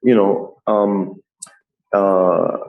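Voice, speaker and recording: A middle-aged man with a fairly low voice tells stories as a guest tattoo artist. His delivery is animated and full of laughter. He speaks conversationally on a podcast. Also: drawn-out words, phone-quality sound. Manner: laughs often, lively retelling. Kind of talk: animated storytelling.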